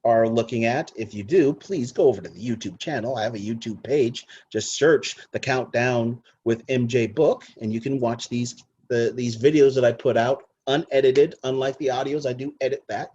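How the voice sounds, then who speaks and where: A man's voice: mid-range voice, normal speed, few pauses, darkish tone, slightly rough, muffled recording. A man hosting a casual movie countdown podcast, talking with rambling enthusiasm and swearing freely. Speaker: podcast host.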